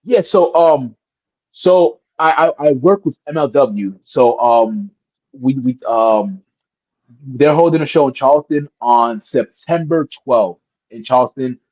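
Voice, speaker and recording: Animated man telling wrestling stories. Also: medium pitch, slow pace, no room sound, dull audio. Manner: animated, acts out voices in his stories. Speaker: guest wrestler. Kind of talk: casual storytelling interview.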